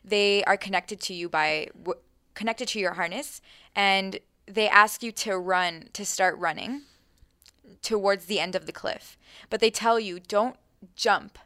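A young woman chatting casually, telling a lively story full of fillers and acted-out thoughts. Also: medium pitch, unhurried, clear, resonant tone, no room sound, clean studio sound. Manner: animated, many fillers, acts out her own thoughts.

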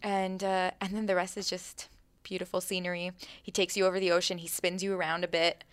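A young woman chatting casually, telling a lively story full of fillers and acted-out thoughts. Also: on the low side, fairly quick, clear, resonant tone, no room sound. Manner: animated, many fillers, acts out her own thoughts.

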